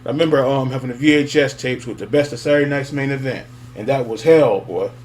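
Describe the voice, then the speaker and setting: A man's voice: medium pitch, fast talker, darkish tone. A man rambling casually to his viewers, with many fillers and chuckles. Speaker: wrestling fan vlogger. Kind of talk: casual nostalgic monologue.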